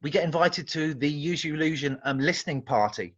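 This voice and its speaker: English guy rambling thru stories, kinda high voice, muffled podcast sound. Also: a little fast. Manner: rambling, animated storytelling with many restarts. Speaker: guest musician. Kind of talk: casual anecdote telling.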